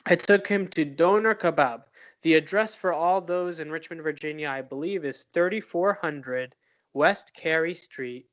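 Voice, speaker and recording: A man's voice: on the high side, normal speed, fairly bright tone. A young man co-hosting a podcast, telling stories in an upbeat, rambling way with many fillers. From Palestine. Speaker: podcast co-host. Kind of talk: casual chat.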